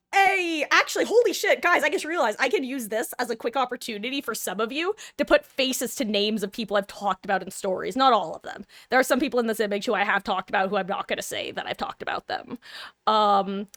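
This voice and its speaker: A woman's voice: mid-range voice, a bit bright. A young woman streaming live, chatting casually and self-deprecatingly with her viewers.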